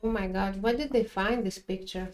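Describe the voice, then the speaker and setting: A woman's voice: medium pitch, normal speed, a little mellow. Woman, Greek accent, playful, teasing, casual stream chat. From Greece.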